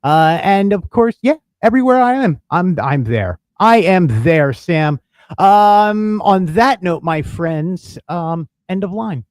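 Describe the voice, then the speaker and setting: A man's voice: sits high, lively intonation, slow, dry recording, studio quality. Upbeat man co-hosting a chat show. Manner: upbeat, playful banter. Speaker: co-host. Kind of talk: casual podcast chat.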